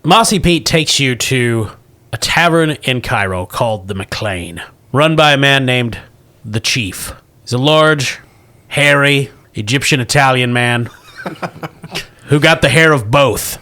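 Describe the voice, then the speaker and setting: A man's voice: mid-range voice, animated, slow, pushed and bright. A man narrating a tabletop game as game master, laughing often as he goes.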